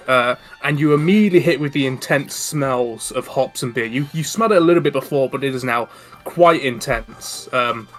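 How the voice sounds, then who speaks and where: A man narrating as dungeon master in a tabletop game, casual and a little stumbling, often laughing. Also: mid-range voice.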